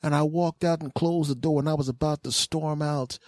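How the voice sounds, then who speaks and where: A male comedian and podcast host telling a crude story in an animated way. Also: fairly high pitch, moderate pace, dry recording, studio quality.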